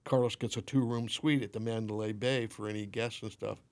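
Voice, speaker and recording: A man's voice: on the low side, fairly quick. A man guesting on a podcast, telling stories casually and acting out the quoted dialogue. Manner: animated storyteller, acts out quoted dialogue. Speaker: podcast guest, limo company owner.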